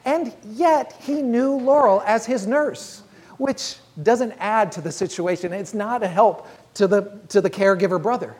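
A woman preaching a sermon, telling a story in an earnest, measured way and slowing down on key phrases. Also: mid-range voice, darkish tone, breathy edge.

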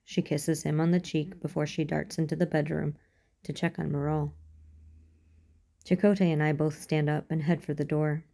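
A woman reads a first-person fan fiction story in a calm, even way. Her voice is low and gravelly, with a dark, mellow tone. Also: normal speed. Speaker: audiobook reader.

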